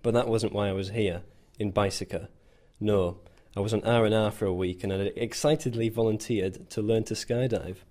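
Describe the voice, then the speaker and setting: Guy with a lowish voice reading his own story, dry and a bit self-mocking. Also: steady tone, normal speed, hardly any pauses, darkish tone. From England. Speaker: volunteer soldier. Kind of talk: scripted first-person narration.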